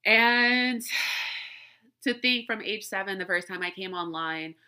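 A woman's voice: mid-range voice, a little slow, bright, forceful tone, smooth. A woman, hosting a casual solo podcast, candid and emotional, congested from crying and allergies. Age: 30s. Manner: candid, emotional, swearing, laughing often. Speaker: podcast host.

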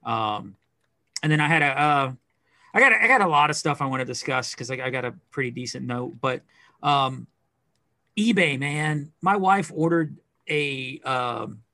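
A middle-aged man co-hosting a podcast, chatting casually in a rambling, animated way with lots of fillers. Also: mid-range voice, normal speed, dry recording, studio quality. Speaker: podcast co-host. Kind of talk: casual chat.

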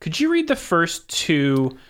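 A man co-hosting a casual podcast, relaxed and wry with short reactions. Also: fairly high pitch, takes it slowly. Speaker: podcast co-host. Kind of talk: casual chat.

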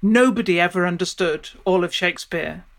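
A woman's voice: fairly low pitch, moderate pace. A woman professor explaining in an interview, thinking aloud and often stopping to restart her sentences. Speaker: professor of Shakespeare studies.

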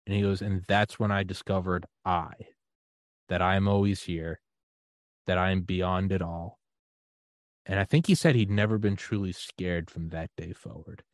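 Lively, storytelling male podcast host. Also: sits low, measured pace, dry recording, clean studio sound. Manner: animated storyteller, acts out quoted voices. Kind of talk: casual conversation.

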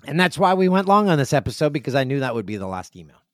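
A man's voice: big pitch swings, very fast, no room sound, studio quality. A man hosting his podcast in a casual, jokey chat, reading emails and acting out friends' reactions. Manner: chatty, jokey, acts out friends in loud high voices. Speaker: podcast host. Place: home studio with stairs nearby.

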